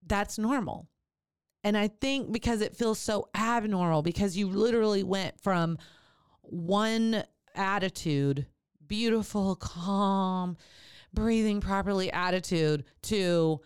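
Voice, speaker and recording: A woman who educates about childbirth and writes about it, talking on a podcast in a lively way, addressing listeners directly and acting out laboring moms. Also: mid-range voice, unhurried, smooth, no room sound, studio quality. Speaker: birth educator and author. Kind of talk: podcast talk.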